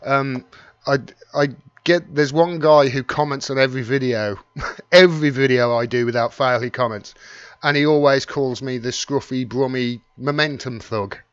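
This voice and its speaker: With a steady, clean, medium-pitched tone and moderate pace, a middle-aged man from England's West Midlands hosts a relaxed YouTube live stream in a Wolverhampton (Black Country) accent. He rambles chattily and thanks commenters by name as he reads them out. It's a dry recording with the highs cut off.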